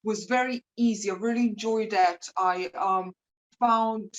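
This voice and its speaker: A woman's voice: mid-range voice, fairly even intonation, a little slow, dull audio. A woman talking as an interview guest over a video call from home. She chats freely, laughs often and repeats words as she goes. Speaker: interview guest, rapper and preacher.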